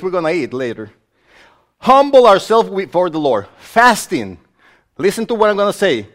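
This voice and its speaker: In a noticeably high voice, a male pastor preaches with emphatic, exclamatory delivery. He keeps addressing his listeners directly.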